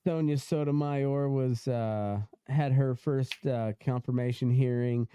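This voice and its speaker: A young man hosts a loose podcast conversation, rambling through fillers and restarts and breaking into laughter often. His voice comes through smooth and clear. The sound is dry and close, with no room in it. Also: mid-range voice, steady tone, unhurried, dark tone, dry recording. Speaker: podcast host. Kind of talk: casual podcast chat.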